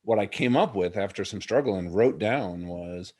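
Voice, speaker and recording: A man's voice: on the low side, moderate pace, a little mellow, breathy edge. A middle-aged man, a podcast guest, telling a personal story in an earnest, reflective way. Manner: earnest, reflective, addresses the host by name.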